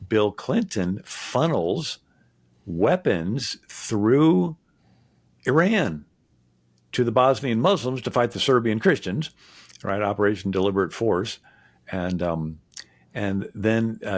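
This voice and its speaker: Man, low voice, rambling with fillers, dry close sound. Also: lively intonation, slow pace, dry recording. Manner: rambling, many fillers and restarts. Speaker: historian guest. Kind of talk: conversational interview.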